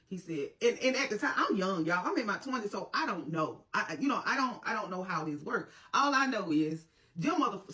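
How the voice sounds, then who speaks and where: A woman's voice: fairly high pitch, bright, forceful tone, recorded from a distance. A woman telling a personal story to her viewers, blunt and profane, with lots of asides to her audience. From Mississippi, USA. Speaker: storytime vlogger. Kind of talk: casual storytime.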